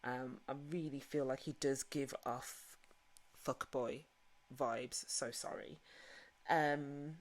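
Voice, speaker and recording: A woman's voice: very deep voice, fairly even intonation, takes it slowly. A woman recapping a reality show in a chatty, casual way, full of "you know" fillers. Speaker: recap vlogger. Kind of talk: casual recap with retold quotes.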